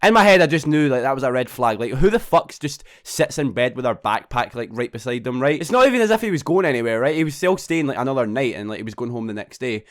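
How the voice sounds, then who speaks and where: A man's voice: medium pitch, lively intonation, fast, few pauses. A young man tells a storytime vlog. He swears a lot and keeps asking "right?". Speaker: vlogger.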